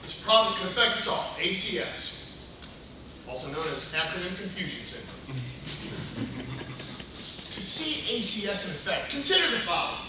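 A middle-aged man giving a humorous contest speech with punchy comic timing and quick asides, to an audience in a large meeting room. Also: high-pitched, big pitch swings. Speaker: contest speaker. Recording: echoey room from far off. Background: audience laughter and room noise.

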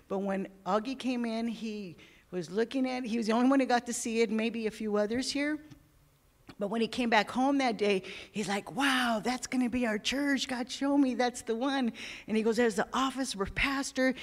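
A woman giving a heartfelt, sometimes tearful spoken tribute during a church service, telling stories with feeling. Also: a little high. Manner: emotional, tearful at times, warm storytelling.

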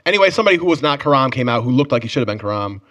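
A young man co-hosting a podcast, telling a story in a casual chat and acting out the people in it. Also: mid-range voice. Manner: fast animated storytelling, acting out the people in his stories. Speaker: podcast co-host.

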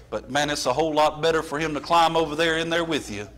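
A pastor preaching a sermon, building from plain storytelling to impassioned shouting in a church. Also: male voice, a little high, fast talker, hardly any pauses.

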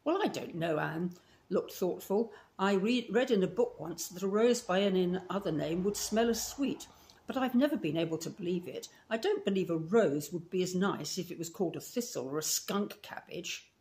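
A woman's voice: fairly low pitch, expressive, normal speed, a little mellow. A woman with a Scottish accent reading aloud as a talkative, romantic eleven-year-old orphan girl in a storybook. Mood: chatty. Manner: gushing, romantic, breathless run-on talk.

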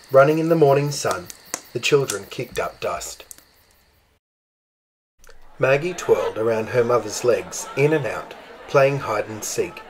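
A man reading a children's picture book aloud in a slow, expressive storytelling manner. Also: mid-range voice, slight background noise. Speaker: storybook reader.

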